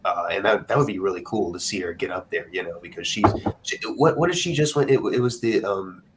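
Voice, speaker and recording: A man's voice: low voice, brisk, background noise. A young man in casual film chat as co-host, rambling with many fillers and restarts.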